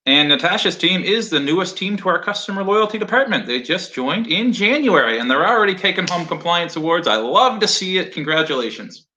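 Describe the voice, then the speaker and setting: A man's voice: sits high, animated, brisk, few pauses, bright, forceful tone. A man co-hosting a casual virtual award show over a video call, jokey and upbeat. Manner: jokey, upbeat, loose with fillers. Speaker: awards co-host.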